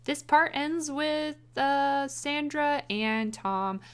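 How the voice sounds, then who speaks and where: Chatty woman riffing on a movie rewrite, kinda high voice, sarcastic and rambly. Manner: rambling and sarcastic, with quick restarts. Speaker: video essayist. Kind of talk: casual rambling commentary.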